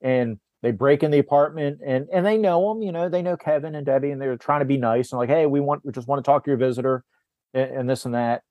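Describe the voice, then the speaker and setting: A man hosting a casual movie podcast, retelling scenes in a rambling way with many restarts and quick put-on quotes of the characters. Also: mid-range voice, dry recording, lo-fi sound. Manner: rambling recap, acts out character lines, frequent restarts. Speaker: podcast host.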